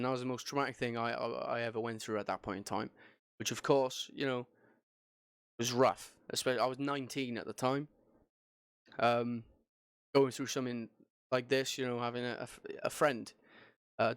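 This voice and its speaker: A man's voice: mid-range voice, a bit bright, clear, resonant tone, no echo, clean studio sound. A young man hosting a podcast, recounting a personal story in a rambling way, with many fillers and restarts. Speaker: podcast host.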